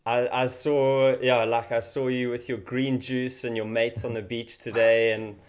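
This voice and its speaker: A man's voice: medium pitch, little pitch movement, unhurried. A man co-hosting a podcast, talking in a laid-back, jokey way. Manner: laid-back, jokey, calls people bud. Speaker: podcast co-host. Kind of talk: casual chat. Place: London.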